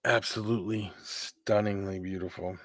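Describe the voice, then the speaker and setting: Man, low-pitched, rambling casual stream host, dry close sound. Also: steady tone, normal speed, no echo. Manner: rambling, keeps clearing his throat. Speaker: host of a live hangout stream. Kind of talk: casual live-stream chat.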